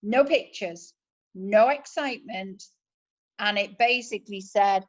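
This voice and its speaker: A woman's voice: medium pitch, unhurried, lo-fi sound. A woman with a British accent giving an enthusiastic, chatty motivational talk as a sales team leader. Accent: British English.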